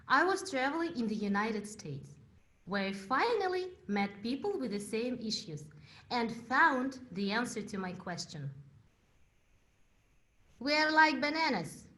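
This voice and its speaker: Speaking in English at a contest, this young woman from Uzbekistan, a native Russian speaker, recounts her story from a prepared speech, pausing dramatically. Her pitch is fairly high and her tone fairly bright.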